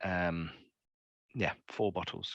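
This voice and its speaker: Game master, man, playful rambling narration, low bright voice, dry sound. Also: fairly even intonation, slow, gravelly, no echo, muffled recording.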